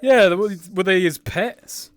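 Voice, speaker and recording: A man's voice: sits high, unhurried, no echo. A man playing a VR game on stream, laid-back, laughing and narrating what he does as he chats. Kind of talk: casual gaming chat.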